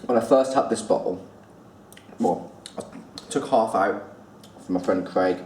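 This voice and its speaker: A man giving a casual spoken review, chatty, pausing and repeating words as he thinks. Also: fairly low pitch, darkish tone. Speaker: whisky reviewer. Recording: roomy echo, distant mic, faint room noise.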